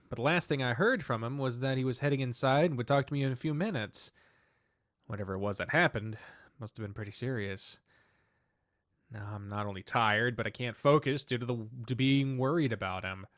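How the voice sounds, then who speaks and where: A man's voice: mid-range voice, a bit bright, dry recording, studio quality. A man reading a visual novel aloud as narrator, with a wry tone and the odd self-mocking aside. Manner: wry, swears and laughs at his own slips. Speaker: let's-play host.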